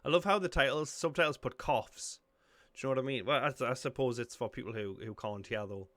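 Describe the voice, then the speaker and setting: A young man with a Geordie accent, reacting to a film with excitable, sweary commentary. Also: mid-range voice, fairly quick. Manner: excitable, sweary, blurts out shock. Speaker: reaction video host.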